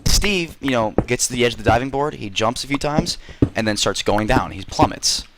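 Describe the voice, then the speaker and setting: A man's voice: mid-range voice, animated, fairly quick, noisy background. A man telling a rambling, silly story to friends in a game voice chat, full of fillers and swearing.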